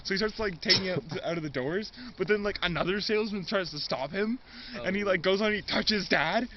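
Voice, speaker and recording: A man's voice: sits high, fairly quick. A young man telling an absurd improvised comedy story, rambling with lots of "like" and chuckling. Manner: rambling, heavy use of "like", chuckling. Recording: dull lo-fi recording with crowd noise.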